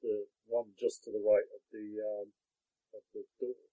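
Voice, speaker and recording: A man's voice: on the low side, flat delivery, moderate pace. A man narrating a tabletop game as game master, hesitant, with lots of fillers and restarts. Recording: dull lo-fi audio.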